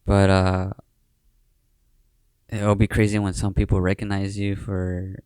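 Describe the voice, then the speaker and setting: A man's voice: low voice, completely flat delivery, a little slow, a little mellow, clean tone, no echo. A young man from Southern California hosting a podcast, chatting casually and rambling with lots of slang, fillers and restarts. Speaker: podcast host. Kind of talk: casual chat.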